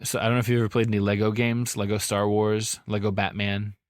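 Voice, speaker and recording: A man's voice: on the low side, level tone, quick pace, no room sound, clean studio sound. A man co-hosting a podcast, talking in a rambling, easygoing way with many fillers. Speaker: podcast co-host. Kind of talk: casual chat.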